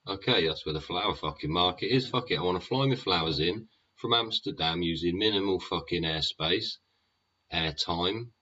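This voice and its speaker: Deep-voiced man host, husky, swears constantly, tag questions, dull lo-fi sound. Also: pushed and bright. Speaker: podcast host. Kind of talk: sweary rambling monologue. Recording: dull lo-fi recording.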